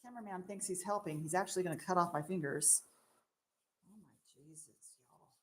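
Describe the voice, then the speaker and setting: A young adult woman who owns a marshmallow shop, hosting a casual live stream while she works, excitable and self-mocking with frequent exclamations and laughs. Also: fairly low pitch, a little fast.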